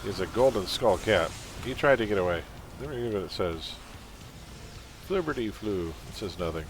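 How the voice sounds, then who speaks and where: A man's voice: lowish voice, animated, moderate pace, slight background noise. A man from Canada with a mild Canadian accent, chatting casually as he streams a game and reads its text aloud. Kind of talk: casual live-stream commentary.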